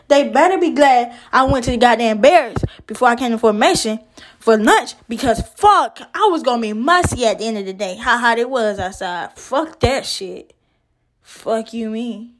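A young woman in army training, venting about her day to the camera in a casual, profane, exasperated rant, addressing her audience as "podcast". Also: a little high.

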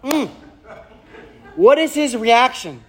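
A man's voice: extremely high pitch, normal speed, a bit bright. A man in his thirties preaching a sermon as pastor, emphatic, asking rhetorical questions and repeating key phrases.

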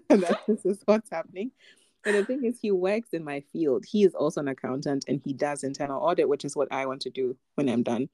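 A young woman on a podcast, one of its co-hosts, chats casually and relates a personal story, laughing lightly and using plenty of fillers. Her low, mellow voice is expressive and fairly quick, with no echo.

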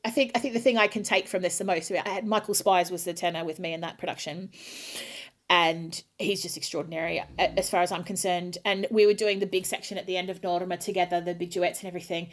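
An Australian woman in middle age, an opera singer talking casually in an interview, telling a lively story and acting out her own quotes. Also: on the low side, quick pace.

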